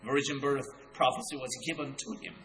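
Man preaching a deliberate sermon in an echoey hall. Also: medium pitch, little pitch movement, fairly bright tone, a little hiss or hum. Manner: teaching slowly and deliberately, with some restarts. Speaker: pastor. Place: church sanctuary. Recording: echoey room.

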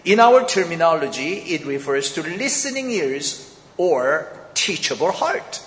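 Guy teaching a bible passage real slow, lots of reverb like a big hall. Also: fairly high pitch, very animated, a bit bright, a little hiss or hum. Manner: slow, methodical, explaining grammar step by step. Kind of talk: sermon-style bible lecture. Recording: echoey hall with long reverb.

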